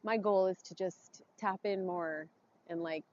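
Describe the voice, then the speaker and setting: A woman speaking a heartfelt, halting blessing and reflection outdoors, emotional and close to tears. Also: on the low side, steady tone, darkish tone, lo-fi sound, a little hiss or hum. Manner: heartfelt, tearful, halting with pauses. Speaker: vlogger doing an outdoor ritual. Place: forest, outdoors.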